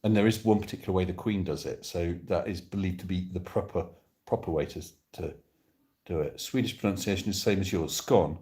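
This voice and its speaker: A man's voice: deep voice, brisk, mellow. A man from Devon streaming live from his phone on a sofa, chatting casually and reading viewer comments aloud in a playful, joking way. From Devon, England. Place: indoors on a sofa.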